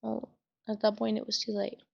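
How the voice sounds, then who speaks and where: Tearful young woman with a gravelly voice. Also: medium pitch, monotone, moderate pace, lo-fi sound. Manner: emotional, trying to hold back tears; casual, swears often, many fillers. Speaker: vlogger. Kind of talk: personal storytelling vlog.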